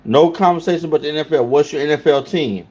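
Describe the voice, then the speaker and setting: A man's voice: on the high side, quick pace, darkish tone. A man hosting a casual livestream, talking loosely and in slang straight to his chat. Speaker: livestream host.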